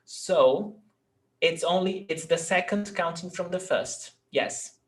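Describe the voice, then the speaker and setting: A man's voice: high voice, slow. A male Portuguese teacher giving an online lesson, patiently explaining grammar rules step by step and often checking that his student understands.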